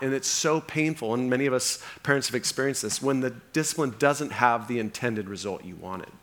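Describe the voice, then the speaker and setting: A middle-aged male pastor preaching a sermon, telling stories with animation and often checking in with "okay?". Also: medium pitch. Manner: animated storytelling with frequent "okay?" check-ins.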